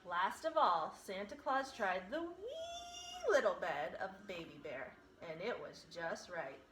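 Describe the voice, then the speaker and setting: A woman teacher reading a picture book aloud with expressive, animated storytelling. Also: mid-range voice, slow pace, reverberant, rough recording.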